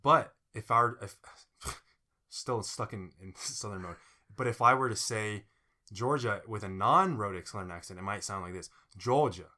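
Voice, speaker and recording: A man's voice: lowish voice, moderate pace, bright, forceful tone. A man co-hosting a podcast in casual chat who explains things patiently and laughs often. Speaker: podcast co-host.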